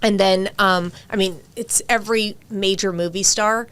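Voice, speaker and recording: A woman's voice: medium pitch, fairly even intonation, moderate pace, fairly bright tone, smooth. A woman hosting a podcast, gushing enthusiastically as she asks her guest questions. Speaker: podcast host. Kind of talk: casual interview.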